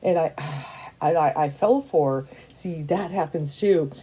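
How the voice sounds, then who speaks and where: Low, slow and breathy, this woman's dark-toned voice belongs to a fifty-something tarot reader. She circles back over the same points in a casual, blunt way, stressing things hard and filling gaps with "you know" and "and stuff."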